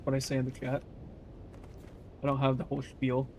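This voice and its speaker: A man's voice: mid-range voice, completely flat delivery, brisk, a little mellow, a little hiss or hum. Laid-back young man streaming a game. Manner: laid-back, swears casually, talks to chat. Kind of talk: casual live-stream chat.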